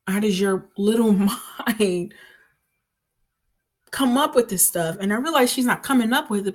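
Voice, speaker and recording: A woman vlogger giving a casual personal faith testimony, earnest and rambling, with many fillers and restarts. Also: lowish voice.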